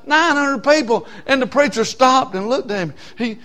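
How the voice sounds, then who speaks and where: Folksy preacher, high voice. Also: male voice, normal speed, hardly any pauses, a little hiss or hum. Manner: folksy, swings from hushed asides to shouted hollers. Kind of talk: storytelling sermon.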